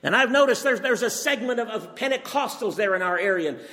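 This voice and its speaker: A man's voice: high-pitched, animated, quick pace, pushed and bright. An older man preaching a sermon, earnest and emphatic, firing off rhetorical questions. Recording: long reverb from a hall.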